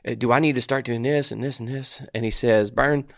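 A man's voice: mid-range voice, steady tone, a little fast, gravelly, no echo, studio quality. A man co-hosting a faith-based podcast, talking in a casual, reflective way and often saying "man". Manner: reflective, casual, says "man" and "dude" a lot. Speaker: podcast co-host.

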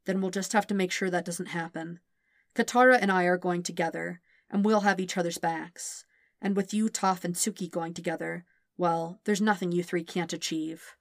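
A woman reading as a gentle young prince with quiet, steady reassurance. The storybook voice sits low and dry, close to the microphone. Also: normal speed, no room sound, close to an everyday voice. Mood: reassuring.

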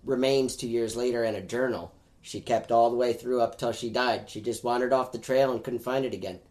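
A man with a mid-range voice co-hosts a podcast and talks in a relaxed, easygoing way. He chats back and forth with the host. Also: medium pitch, brisk. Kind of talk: casual podcast chat.

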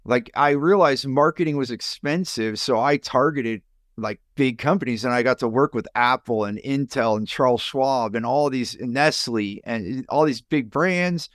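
A middle-aged man, a business coach and podcast guest, telling his life story in an animated way and jumping up in pitch when he acts out other people. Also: dry recording, clean studio sound. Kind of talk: personal storytelling in an interview.

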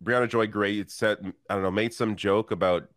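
A man's voice: fairly low pitch, steady tone, normal speed, fairly bright tone, no room sound, studio quality. A man on a political panel, reading out a tweet and commenting with amused laughter.

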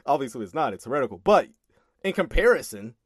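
A man's voice: medium pitch, very animated, quick pace, no echo, clean studio sound. A man casually commenting on a sermon clip, exasperated and emphatic, often laughing in disbelief.

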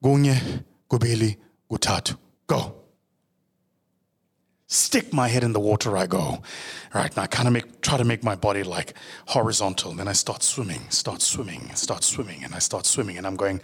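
A man's voice: mid-range voice, expressive, a little fast, slightly rough. A man whose first language is isiZulu, telling a vivid, self-mocking story and acting out his own inner voice. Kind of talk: storytelling monologue.

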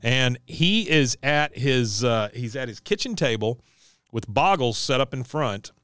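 A man's voice: mid-range voice, expressive, a little slow, fairly bright tone, smooth, dry recording, clean studio sound. A man co-hosting a podcast, casually recapping a cartoon episode and acting out the characters' lines. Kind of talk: casual chat.

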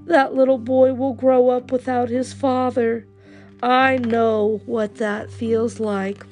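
A woman's voice: on the high side, level tone, takes it slowly, a little mellow, soft background music. A woman voicing a brave, earnest young immigrant man in a storybook reading. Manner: earnest, resolute.

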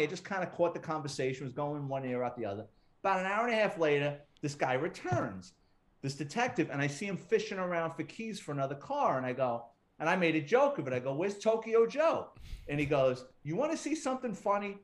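A middle-aged man with a somewhat high voice tells old work stories as an interview guest. He swears freely, cracks jokes and slips into other people's lines as he acts out quotes. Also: very animated, a little fast. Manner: profane, wisecracking storyteller who acts out quotes. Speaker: retired police detective, guest. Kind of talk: casual storytelling interview.

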